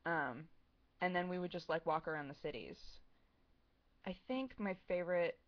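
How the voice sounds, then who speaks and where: A woman in her twenties talks casually to her stream chat, rambling and giggling, with "like" and "um" scattered all through. Her voice sits a little low for a woman. The sound is dull and lo-fi, like a home webcam stream. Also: measured pace. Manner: rambling, giggly, heavy use of "like" and "um". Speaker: streamer answering chat questions.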